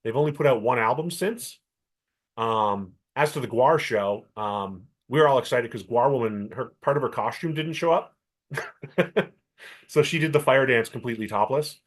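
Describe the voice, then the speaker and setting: A middle-aged man from Canada, co-hosting a podcast and telling a long story with lively acted-out quotes. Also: mid-range voice, normal speed. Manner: animated storyteller, acts out quoted voices. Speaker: podcast co-host. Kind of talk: casual chat.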